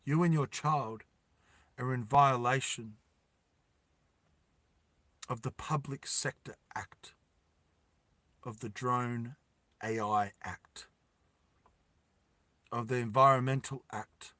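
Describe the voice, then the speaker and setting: A man voicing stern male government officials who talk slowly and formally. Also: mid-range voice, fairly even intonation, sharp tone, no room sound.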